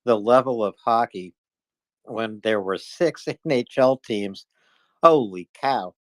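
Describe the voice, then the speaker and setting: A man's voice: on the low side, slow, no room sound. A man with a New England accent hosting a casual online talk, joking easily with callers. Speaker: host. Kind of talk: casual chat.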